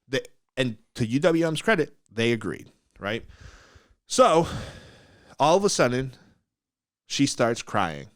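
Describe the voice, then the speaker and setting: A man's voice: medium pitch, big pitch swings, normal speed, no echo, studio quality. A man hosting a casual podcast, telling a story bluntly and with animation. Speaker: mortgage broker, podcast host.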